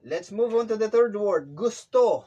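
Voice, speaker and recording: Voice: mid-range voice, expressive, normal speed, warm tone, slightly rough. An adult drilling a child on vocabulary at home, patiently repeating words for the child to echo. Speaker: parent teaching a child.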